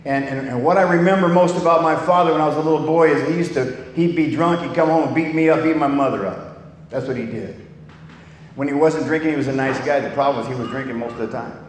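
A man's voice: fairly high pitch, fast talker. Blunt older man in an echoing hall. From California. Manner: blunt and candid, swears freely, many restarts. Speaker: speaker sharing a recovery story. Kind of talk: personal testimony talk. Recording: echoey hall, long reverb, faint noise.

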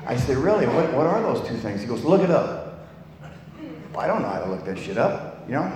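A man's voice: mid-range voice, big pitch swings, quick pace, darkish tone, a little hiss or hum. An older man giving a rambling, salty personal testimony as a recovery meeting speaker, with many restarts. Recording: echoey hall with long reverb.

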